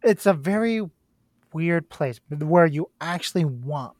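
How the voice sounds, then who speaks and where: Excitable co-host acting out thoughts. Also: mid-range voice, takes it slowly, no echo, studio quality. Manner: excitable, acts out own thoughts in quotes. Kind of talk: casual movie chat.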